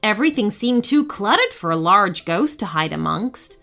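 A woman narrating a children's bedtime story with expressive, animated storytelling. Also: mid-range voice, normal speed, faint music behind.

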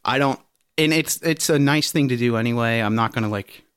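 A man's voice: medium pitch, brisk, fairly bright tone, clear, resonant tone, no room sound, clean studio sound. Swearing, rambling podcast guy. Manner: profane, rambling storyteller, laughs often. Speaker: podcast co-host. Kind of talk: casual podcast chat.

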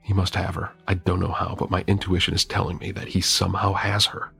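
Low gravelly guy reading a creepy story in first person, dramatic and wry. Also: flat delivery, fairly quick, a bit bright, faint music behind. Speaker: narrator.

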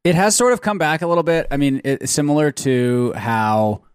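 A man's voice: on the high side, moderate pace, clear, resonant tone, no echo, studio quality. A man co-hosting a casual comedy podcast who teases and ribs the others playfully. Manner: teasing, playful ribbing. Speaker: podcast co-host.

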